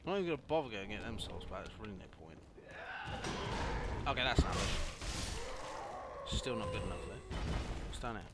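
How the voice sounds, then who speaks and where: A young man doing let's play commentary, swearing a lot and often breaking into angry yells. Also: on the low side, expressive, a little fast, long pauses, heavy background noise. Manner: swearing, frequent angry yelling outbursts. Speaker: gaming youtuber.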